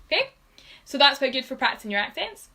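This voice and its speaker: A woman's voice: high-pitched, very animated, fast talker, heavy background noise. A woman giving a live-streamed drumming lesson, patiently counting beats aloud with frequent ums. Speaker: drum tutor.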